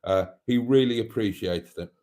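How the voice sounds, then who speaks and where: A man's voice: fairly low pitch, normal speed, mellow. A man hosting a casual livestream, chatting and reading out viewers' comments in a chatty, theatrical way that calls them darlings. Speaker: livestream host.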